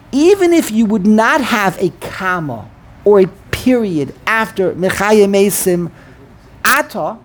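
A man teaching a Hebrew pronunciation lesson, often repeating himself and drawing out chanted example phrases. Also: high voice. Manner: repeats words, self-correcting, drawn-out chanted pronunciations. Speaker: Torah teacher.

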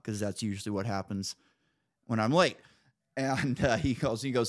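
A man's voice: lowish voice, fairly quick. Profane, easygoing male podcast host. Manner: loose, profane storytelling with laughs. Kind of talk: casual podcast chat.

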